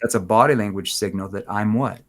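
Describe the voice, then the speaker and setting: A man gives a podcast interview about selling. He talks in a lively way and keeps slipping into short acted bits of dialogue, swinging between bright and hushed tones. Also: lowish voice, brisk. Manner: animated, acts out sample dialogue with shifting tones. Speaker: sales trainer guest.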